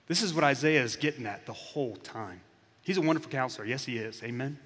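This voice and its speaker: A man preaching a sermon as a pastor, telling the story dramatically and acting out lines, dropping to a hush and then rising loud. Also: mid-range voice, animated, fast, long reverb tail. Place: church hall.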